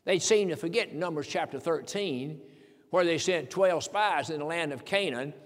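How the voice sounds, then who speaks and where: High-voiced older preacher in a reverberant hall. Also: male voice, moderate pace. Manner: earnest, repeats key phrases for emphasis. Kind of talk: sermon. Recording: long reverb in a large hall.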